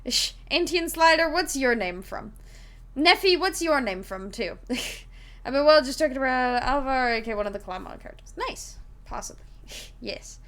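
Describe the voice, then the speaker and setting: A woman's voice: sits high, expressive, normal speed, a bit bright. A woman streaming live, chatting casually with viewers in a rambling way, giggling and full of fillers while she explains a tabletop game.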